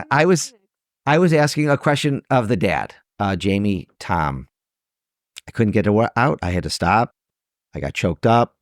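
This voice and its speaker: A man's voice: fairly low pitch, lively intonation, a little slow, no room sound, clean studio sound. A man, a trial lawyer guest on a podcast interview, speaking earnestly and emotionally, his voice rising when he stresses a point.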